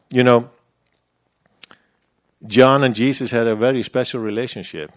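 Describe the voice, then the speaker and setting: A man preaching a sermon in a church, in a conversational, personal way that turns the message back on himself. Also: fairly low pitch.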